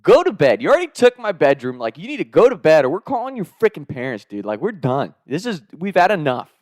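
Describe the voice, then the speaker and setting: A man's voice: fairly high pitch, huge pitch swings, a little fast, a little mellow, dry recording, voice pushed up. Brief: man voicing a fed-up buddy, raised voice, dry close sound. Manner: exasperated scolding. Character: fed-up young man scolding a friend.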